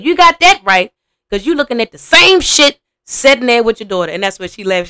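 A young adult woman hosting a podcast, giving blunt, profane, animated reaction commentary. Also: on the high side, normal speed, smooth, dry recording, studio quality. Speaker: podcast host.

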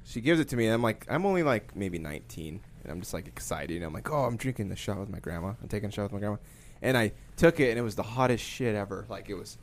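A man's voice: on the low side, animated, quick pace. A young man in casual podcast chat, telling rambling stories and laughing often.

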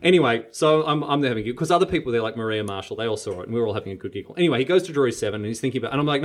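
A man on a casual podcast, telling a story in an animated way and acting out the quotes. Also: very fast, hardly any pauses. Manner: animated storyteller, acts out quotes with big pitch jumps.

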